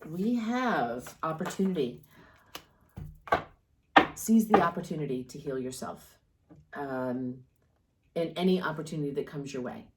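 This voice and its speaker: A woman's voice: sits low, lively intonation, a little slow, long pauses, background noise. A woman giving a casual tarot reading, talking in an encouraging, rambling way with many fillers and restarts. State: coughing and yawning at times. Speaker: tarot reader.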